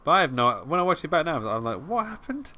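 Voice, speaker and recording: A man's voice: on the high side, expressive, very fast, sharp tone. A man rambling through a casual podcast chat about a film, with many restarts and fillers. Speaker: podcast co-host.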